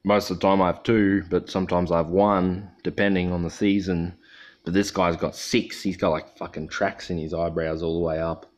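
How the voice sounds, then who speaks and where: A man's voice: deep voice, little pitch movement, normal speed. An Australian man hosting a livestream, talking in a rambling, profane, joking way. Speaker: livestream host. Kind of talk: casual livestream chat.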